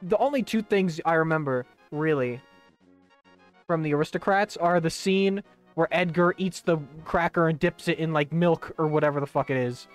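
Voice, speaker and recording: A man's voice: a little high, normal speed. A young man streaming a video game, rambling casually with lots of swearing, fillers and restarts. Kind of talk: casual commentary while gaming. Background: faint game music.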